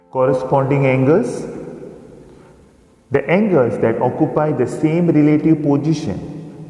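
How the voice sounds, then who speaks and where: A man teaching a recorded maths lesson, explaining slowly and pointing out figures on screen. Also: mid-range voice, mellow. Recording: echoey room with long reverb.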